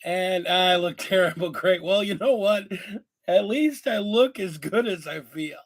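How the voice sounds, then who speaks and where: A man with a high voice talks straight to his viewers in a loose, rambling way. He sounds worn out, with a lingering cough. He swears casually as he goes. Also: unhurried. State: tired, lingering cough after illness. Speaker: host. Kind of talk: casual chat to camera.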